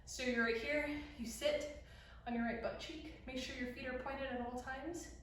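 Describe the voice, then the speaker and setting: In a casual dance tutorial for beginners, a young woman with a high, steady voice talks at a moderate pace while demonstrating the steps. She counts aloud, sings bits of lyrics, and sometimes runs out of breath. The room is very echoey, she's far from the mic, and there's a little hiss or hum.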